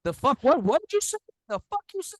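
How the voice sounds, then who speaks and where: A squeaky excited old guy on the phone. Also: dry recording, studio quality. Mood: indignant. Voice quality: shrill, rapid, strongly exaggerated.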